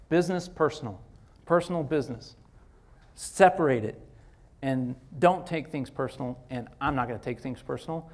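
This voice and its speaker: Slangy, animated male guest lecturer. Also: mid-range voice, a little fast. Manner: animated and slangy, peppered with "like" and "dude". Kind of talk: casual motivational lecture.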